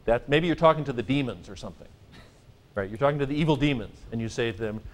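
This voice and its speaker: A man teaching a Greek grammar class, lecturing in a lively, joking way and stressing his points. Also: medium pitch, racing. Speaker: Greek professor.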